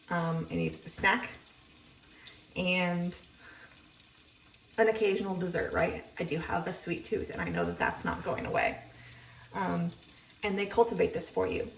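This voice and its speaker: A woman's voice: on the low side, gravelly, distant mic. A young woman vlogger chatting casually while she cooks at home, rambling with lots of ums as she explains her routine. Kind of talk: casual chat while cooking. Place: home kitchen. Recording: echoey kitchen, voice often off-mic. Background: frying sizzle.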